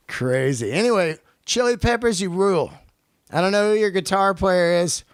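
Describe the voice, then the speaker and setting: A male podcast host delivering a profane, animated comedic rant on his own. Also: high voice, measured pace, clear, resonant tone, no room sound. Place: lives in Los Angeles.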